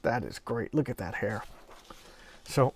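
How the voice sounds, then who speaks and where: A man casually paging through an old horror comic, talking with rambling enthusiasm and drifting into soft, quiet asides. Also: mid-range voice, animated, measured pace, slight background noise. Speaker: comic collector reviewing an issue.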